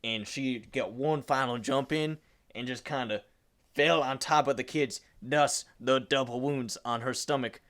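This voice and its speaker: A man's voice: mid-range voice, measured pace, fairly bright tone. A man on a comedy podcast who tells absurd improvised stories in a matter-of-fact way. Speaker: podcast panelist. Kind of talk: casual comedic improv storytelling.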